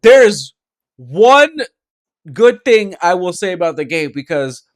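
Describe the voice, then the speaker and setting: A man with a high voice tells a meandering story on a casual gaming podcast. He talks slowly, swearing often and circling back over his words. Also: big pitch swings. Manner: rambling storytelling, lots of swearing and restarts. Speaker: podcast co-host.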